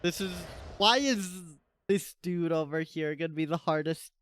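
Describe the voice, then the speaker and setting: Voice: medium pitch, moderate pace, a bit bright, a little hiss or hum. A streamer thinking aloud during a live game, rambling and self-mocking between lines. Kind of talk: live game commentary and reading.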